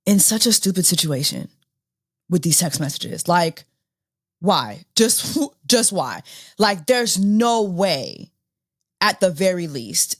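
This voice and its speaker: A woman in her thirties hosts a casual commentary podcast, voice swooping up and down as she reacts in disbelief. She talks at an unhurried, drawn-out pace, often laughing and repeating herself. The sound is dry and close. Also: lowish voice, slightly rough, dry recording. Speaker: podcast host.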